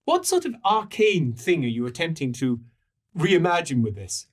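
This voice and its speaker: A man's voice: a little high, wildly swooping pitch, normal speed, voice pushed up. A man voicing a flamboyant, elegant male stranger who mocks and sneers. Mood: mocking.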